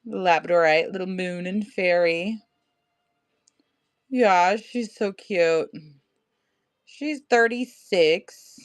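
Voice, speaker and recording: A woman's voice: on the low side, slow, long pauses. A woman in her thirties selling crystals on a livestream, chatting casually and laughing often. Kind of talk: casual live-sale chat.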